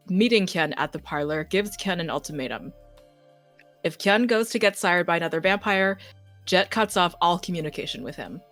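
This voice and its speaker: A young woman acting as game master, reading a campaign recap in a brisk, matter-of-fact way. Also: fairly low pitch, a bit bright.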